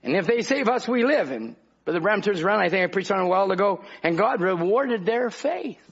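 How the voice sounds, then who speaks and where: A man's voice: high voice, lively intonation, fairly quick, husky. A man preaching a fervent revival sermon, calling out to the congregation in rhythmic bursts. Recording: dull lo-fi old recording.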